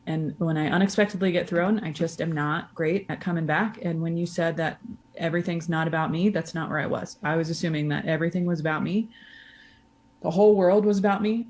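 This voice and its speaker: A woman sharing her story candidly at an online recovery meeting, self-deprecating and frank, heard over a video call. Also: fairly low pitch.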